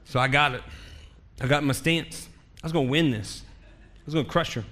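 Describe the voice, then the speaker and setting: A man preaches a sermon in a church, delivering a personal story with humor and emphatic repetition. His voice sits a bit high and rings bright and forceful. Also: a little fast, a little hiss or hum. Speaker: pastor.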